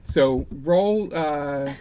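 A man's voice: fairly high pitch, extremely slow, clean tone, muffled recording. A man narrating as game master at a tabletop game, loose and rambling with many fillers.

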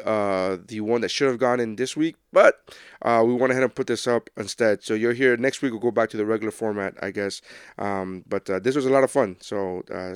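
A man hosting a podcast, giving a rambling, halting thank-you and plug for listeners. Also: medium pitch, smooth, dry recording, studio quality. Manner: rambling, halting with many uhs. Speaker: podcast host. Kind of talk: casual outro message.

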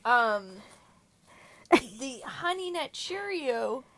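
A woman chatting casually as a podcast co-host, self-mocking and quick with asides. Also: high-pitched, big pitch swings, fairly bright tone, no room sound. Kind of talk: casual chat.

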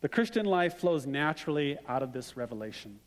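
A man's voice: on the high side, very animated, brisk. A middle-aged man preaching a sermon in a conversational way, mixing scripture with stories from his family. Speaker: pastor. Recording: long reverb of a hall.

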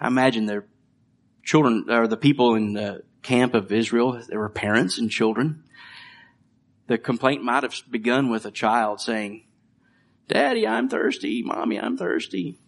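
A middle-aged man preaching a conversational sermon, reading scripture and joking about his children. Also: medium pitch. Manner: conversational, with light jokes and laughs. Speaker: pastor.

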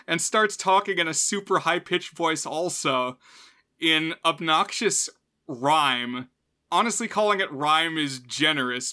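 A man's voice: fairly high pitch, bright, forceful tone. A man co-hosting a podcast, talking casually about a film and often laughing between remarks. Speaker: podcast co-host. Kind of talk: casual film review chat.

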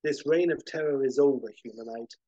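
A man's voice: medium pitch, brisk, warm tone, dry recording, muffled recording, close to an everyday voice. A man voicing a stoic male superhero who speaks tersely and steadily, with dry wit. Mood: firm.

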